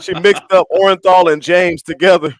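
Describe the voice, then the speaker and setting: A man's voice: high voice, normal speed, crowd noise. A man from Chicago co-hosting a podcast, telling stories in casual, profane chat. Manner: profane, animated storyteller. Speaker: podcast co-host.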